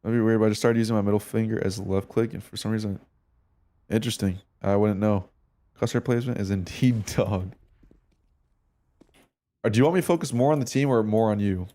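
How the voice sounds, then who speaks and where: Speaking briskly but with long pauses, this man has a fairly low, mellow voice. He streams a game and reviews a replay with his viewers, thinking aloud in a casual, slangy way with some cursing.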